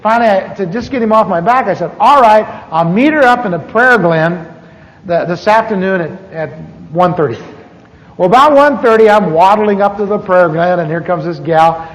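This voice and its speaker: A middle-aged American man telling his testimony as a sermon, halting and restarting as he acts out the dialogue. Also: sits high, animated. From United States. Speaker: pastor. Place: church conference hall. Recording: muffled 1980s recording in a reverberant hall.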